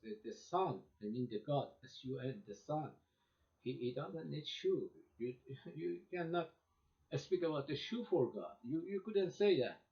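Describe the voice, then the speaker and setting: A man's voice: a little high, animated. Man explaining verse, lo-fi. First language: Persian. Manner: reads verse quickly, then translates in halting, repetitive English. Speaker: lecturer on poetry. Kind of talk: lecture translating classical verse. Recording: dull lo-fi recording.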